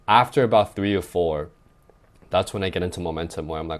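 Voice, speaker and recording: Low-voiced and fast with a steady tone, a young adult dating coach talks loosely in a casual podcast advice chat. "Like" comes up often, and he tags many lines with "right?".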